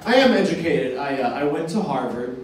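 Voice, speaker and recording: A young male comedian works a club stage with deadpan one-liners, leaving long pauses between them. His pitch swoops and lifts, and he sits a bit high for a man. The sound is distant and very roomy, with steady club noise underneath. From Boston area. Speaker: stand-up comedian. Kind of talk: stand-up set. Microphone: handheld stage mic. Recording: echoey club from afar.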